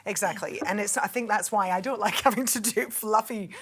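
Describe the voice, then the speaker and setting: A woman with a Scottish accent, guest cook giving a relaxed, chatty cooking demonstration. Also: mid-range voice, a little fast, husky. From Scotland. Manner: chatty, relaxed, says "wee". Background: background music.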